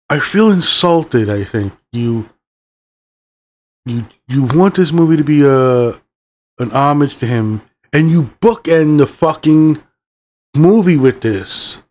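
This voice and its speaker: A man's voice: fairly high pitch, a little mellow. A middle-aged man hosting a movie review channel, ranting in a heated, rambling way and swearing often.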